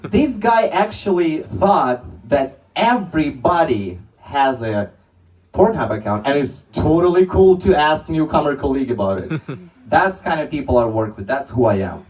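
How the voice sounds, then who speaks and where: A man's voice: mid-range voice, very animated, a little slow, darkish tone. Man, stand-up comedian, rambling storyteller, heard from far off the mic on stage. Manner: loose rambling storytelling with many restarts.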